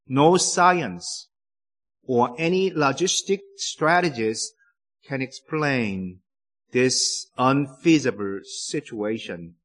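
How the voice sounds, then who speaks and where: A man preaching a sermon in a deliberate, emphatic way, with careful pauses between phrases. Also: a little high, a bit bright.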